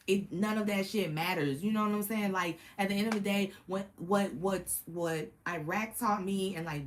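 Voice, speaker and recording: A woman, chatting casually to camera about her Marine days, animated and full of slang and laughter. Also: lowish voice, slight background noise. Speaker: Marine veteran vlogger.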